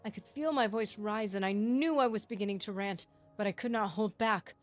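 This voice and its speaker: A woman's voice: mid-range voice, moderate pace, no echo, lightly acted. A woman doing an obsessive lovesick mage. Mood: pleading. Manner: pleading, rising into a rant. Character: lovesick male mage scholar, obsessive, desperate. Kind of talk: reading a game book aloud.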